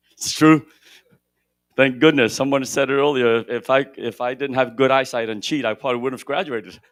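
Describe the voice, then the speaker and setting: A middle-aged man giving a motivational keynote at a conference, shifting between loud emphasis and hushed moments. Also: mid-range voice, fairly even intonation, normal speed, long pauses, no echo, studio quality. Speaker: keynote speaker at a real estate conference. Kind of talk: motivational storytelling speech. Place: conference hall stage.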